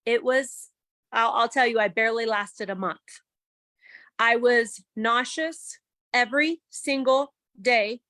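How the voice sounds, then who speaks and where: A woman giving a candid, animated personal testimony on a video call, laughing as she goes. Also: fairly high pitch, slow, no echo. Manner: chatty and animated, with laughs and quoted self-talk.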